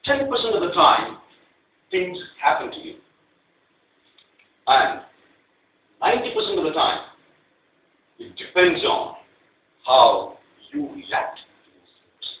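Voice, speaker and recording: A man's voice: high voice, takes it slowly, pauses often. A man giving a prepared club speech, telling a story and acting out the outbursts in it. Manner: animated, acts out quoted outbursts. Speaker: club speaker. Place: meeting room. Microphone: clip-on mic, distant recorder. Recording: very echoey, far off, phone-like and tinny, faint hiss.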